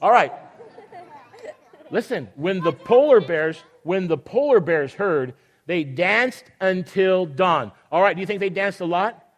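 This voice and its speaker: A man's voice: sits high, animated, a little slow. An older man leading a children's sermon, reading a picture book aloud and teasing the children playfully.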